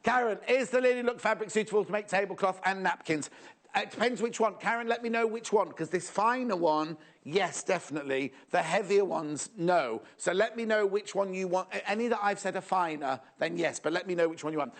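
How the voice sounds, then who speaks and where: A man's voice: sits high, brisk. A man presenting a live shopping show in a playful, jokey, chatty way, reading out viewer messages.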